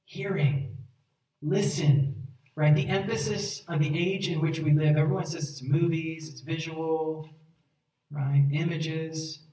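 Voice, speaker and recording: An earnest pastor preaching with emphatic pleading and a rather high voice for a man. He is recorded from a distance in a roomy, echoing space, so the sound is reflective rather than close. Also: fairly even intonation, takes it slowly, dark tone. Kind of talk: sermon. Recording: echoey room, voice from far off.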